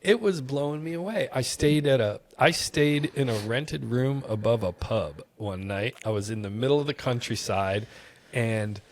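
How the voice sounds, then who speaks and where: A man with a mid-range voice and normal pacing shares an energetic travel story as a podcast conversation partner. His telling is animated, and he laughs a lot in the casual interview.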